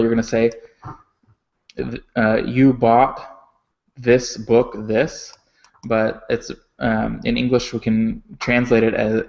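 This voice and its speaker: A man teaching a language lesson, explaining patiently with frequent fillers and self-corrections, and slowing down to pronounce example sentences carefully. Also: medium pitch, creaky, darkish tone. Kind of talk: recorded online lesson. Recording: slightly dull, muffled audio.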